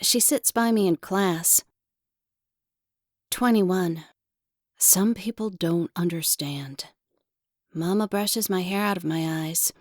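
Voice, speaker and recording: A woman narrates her own memoir in unhurried, gentle, earnest phrases, taking her time over each line. Her voice sits close and dry, with no room sound around it. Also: lowish voice, dry recording. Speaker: author reading her own audiobook. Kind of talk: first-person memoir narration.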